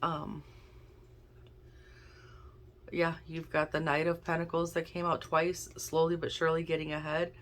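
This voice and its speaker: An intuitive card reader with a low, fairly flat voice that's brisk and a touch bright does a casual tarot and oracle reading. She chats and thinks out loud while drawing cards.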